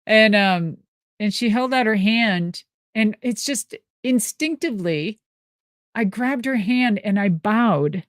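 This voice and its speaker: A woman from Minnesota spins a casual story with loose, salty energy and easy laughs. Her voice sits at a middle pitch and comes through a dry, close mic with no room sound. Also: slow pace, no echo. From Minnesota, USA. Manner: lively, profane, laughs often. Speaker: guest answering live questions.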